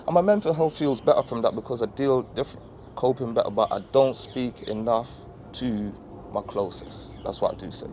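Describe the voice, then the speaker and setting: A man's voice: medium pitch, moderate pace, a little mellow, slight background noise. A man talking in a reflective, earnest way, telling loose stories in a casual chat.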